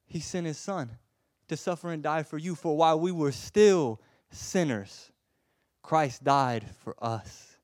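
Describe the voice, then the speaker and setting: Guy preaching hard then going quiet, stumbles on words, dry close sound. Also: fairly high pitch, unhurried, no room sound. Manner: impassioned, swings from loud urging to soft hush; stammers and repeats words. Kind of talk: sermon.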